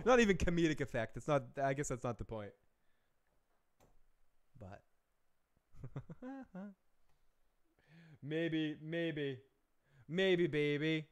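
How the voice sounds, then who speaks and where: Rambling, clear-voiced male host. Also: on the high side. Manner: rambling, profane, chuckling asides. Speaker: show host. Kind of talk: casual live-stream chat.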